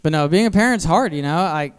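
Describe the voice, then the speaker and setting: A man in his thirties performing stand-up on a comedy theater stage, his voice smooth and clear through a handheld mic. He sits a little high for a man and tells filthy family stories in a flat, self-mocking way. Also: brisk. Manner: crude, deadpan storytelling with self-mocking asides.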